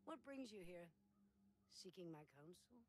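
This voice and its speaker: An actress voicing an old beggar queen in a video game, speaking slowly with hushed, knowing calm. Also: fairly low pitch, a little hiss or hum. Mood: cryptic.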